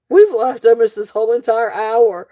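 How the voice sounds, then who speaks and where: A woman with a drawl hosting a live jewelry sale, unhurried and rambling as she chats with her viewers. She giggles often. Her voice sits a touch high and she takes her time. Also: animated, warm tone. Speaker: live-stream jewelry seller. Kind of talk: casual live-stream selling chat. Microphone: desk setup, face off camera.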